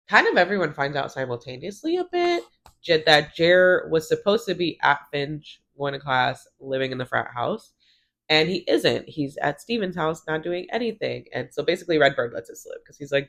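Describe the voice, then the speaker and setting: A woman's voice: deep voice, a bit bright. A woman recapping a TV episode in a casual, chatty way, using "like" often and briefly acting out the characters' lines. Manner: chatty, heavy use of "like", acts out characters' lines. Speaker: TV recap vlogger.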